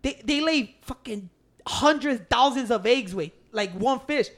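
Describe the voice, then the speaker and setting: A man's voice: extremely high pitch, animated, a little slow, fairly bright tone. A man, telling stories emphatically and swearing freely in a casual chat. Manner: profane, emphatic storytelling. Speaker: podcast co-host.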